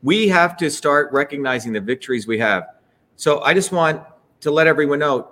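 Fiery male host, slightly high voice, profane and shouting at times. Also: expressive, normal speed. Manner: heated, profane, rising to shouts. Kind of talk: fiery political livestream speech.

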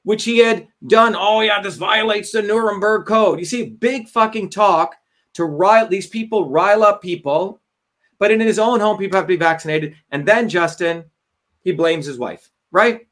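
Combative high-voiced man hosting a livestream. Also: moderate pace, fairly bright tone. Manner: combative, profane, mocking impressions. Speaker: host. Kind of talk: heated livestream talk.

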